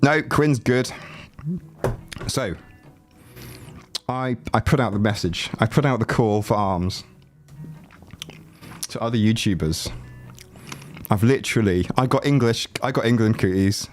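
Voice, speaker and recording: A man with a fairly low voice made rattly by a chest cold talks into a desk mic at home. He rambles and jokes with his livestream audience in a relaxed, chatty way. Faint music plays quietly behind him. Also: unhurried, pauses often. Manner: rambling, joking, chats with viewers. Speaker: livestreaming YouTuber. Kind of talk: casual livestream chat. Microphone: desk mic, no headphones.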